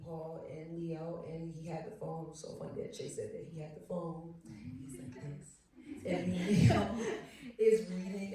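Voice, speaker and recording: A woman actor on a panel telling stories in a lively way and laughing often. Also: lowish voice. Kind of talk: animated anecdote telling. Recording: echoey hall, mic far off.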